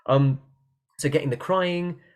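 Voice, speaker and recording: A man runs an online singing workshop, chatting casually from a room at his computer and breaking into quick sung and yelled demonstrations. His voice is a little high with a clean tone.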